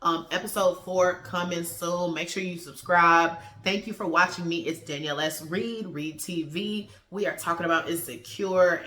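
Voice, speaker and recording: A woman's voice: lowish voice, sharp tone, echoey room. A woman giving a casual, slangy review of a TV episode and acting out the characters' lines as she goes.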